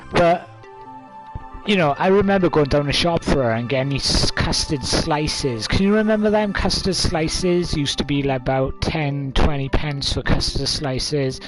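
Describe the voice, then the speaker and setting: A man's voice: a little high, measured pace, music in the background. A man of twenty-five, telling a story casually to camera with lots of fillers. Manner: rambling, many fillers, coughs and laughs.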